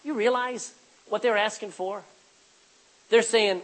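A man preaching a sermon in a church, animated, acting out the voices of the people in his stories. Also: high voice, takes it slowly, poor audio.

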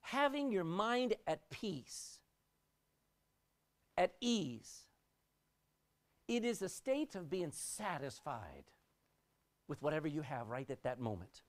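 A woman's voice: low-pitched, slow pace, pauses often. A woman preaching a sermon, swinging her voice up and down for emphasis and often repeating words as she restarts. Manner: expressive, rising and dropping sharply for emphasis.

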